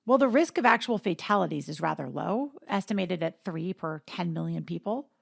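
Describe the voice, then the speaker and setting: A woman, the podcast host, reading scripted voice-over narration in a measured, informative way. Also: lowish voice, lively intonation, gravelly, no echo, clean studio sound.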